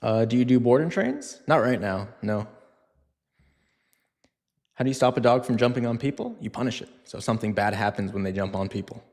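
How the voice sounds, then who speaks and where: A brisk, slightly mellow medium-pitched voice with a long reverb tail comes from a dog trainer hosting a live Q&A stream. He chats casually with plenty of fillers, acting out scenes in funny voices.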